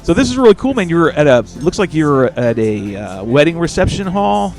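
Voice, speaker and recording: A man hosting a live show as casual chat, rambling and excitable and swearing freely. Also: a little high, a little fast, over music. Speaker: host.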